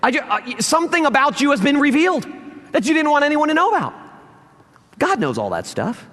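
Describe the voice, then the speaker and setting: A man preaching a sermon as pastor, telling a personal story in an animated way and acting out the lines of the people in it. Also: extremely high pitch, a little fast, big-room sound.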